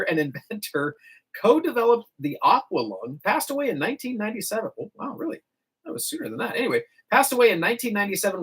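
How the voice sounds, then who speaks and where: Male morning radio host, middle-aged, casual and chatty, wanders off on tangents. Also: on the high side. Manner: chatty, rambling, animated with laughs.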